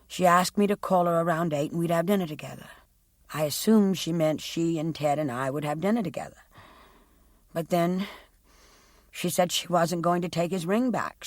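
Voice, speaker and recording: A woman voicing a young woman testifying about her sister in an audiobook, speaking quietly and haltingly. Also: low-pitched, no room sound, clean studio sound. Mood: subdued. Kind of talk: audiobook character reading.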